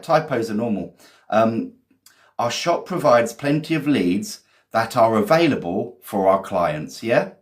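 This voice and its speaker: A man teaching vocabulary in a live lesson, reading out viewers' sentences, praising them and cracking cheesy jokes. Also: lowish voice. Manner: chatty and encouraging, quick praise, cheesy jokes. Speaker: English teacher.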